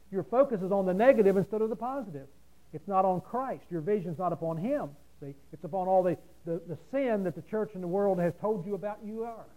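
A man preaching a sermon, folksy and rhetorical, swinging from loud emphasis to quiet asides. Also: high voice, a little fast, low-quality recording.

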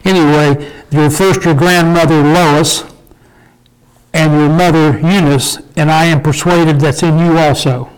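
An older man leads an informal Bible study with a folksy, homespun manner, often pausing to check in with his small group. His voice sits a little on the high side for a man. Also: fairly even intonation, smooth, rough recording. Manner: folksy, asks the group "okay?" and "did we?".

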